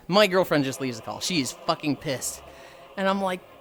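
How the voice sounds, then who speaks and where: Male streamer, late 20s, lively swinging pitch, profane storyteller, faint music under the voice. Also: normal speed. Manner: profane, animated, acts out voices in quotes. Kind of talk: casual storytelling to chat.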